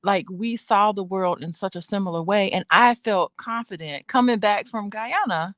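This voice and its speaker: A woman's voice: mid-range voice, moderate pace, a bit bright, no room sound. Emphatic woman podcast co-host, dry sound. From United States. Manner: emphatic, laughs often, restarts. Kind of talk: casual podcast chat.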